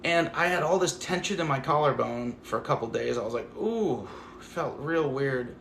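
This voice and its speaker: A man's voice: medium pitch, moderate pace, gravelly, fairly bright tone, reverberant, slight background noise. A man hosting a casual livestream, talking to his viewers in a rambling, affectionate way full of "like". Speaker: livestream host.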